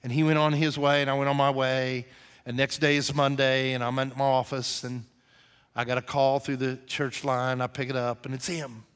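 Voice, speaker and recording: A man's voice: mid-range voice, flat delivery, moderate pace, a bit bright, smooth. A man preaching a sermon, telling a personal story in a conversational way that turns emphatic and earnest. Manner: conversational storyteller, grows emphatic and intense at the close. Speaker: pastor.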